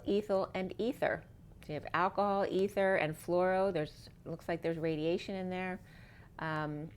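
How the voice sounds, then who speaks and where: Low-voiced woman giving a tarot reading. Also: a little hiss or hum. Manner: meandering, free-associating wordplay. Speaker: tarot reader. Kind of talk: spiritual tarot reading monologue.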